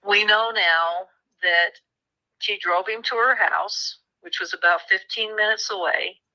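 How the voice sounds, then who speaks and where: Woman, author guest, very bright tone, animated storytelling, acts out quoted voices. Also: medium pitch, measured pace, poor audio. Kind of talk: conversational storytelling.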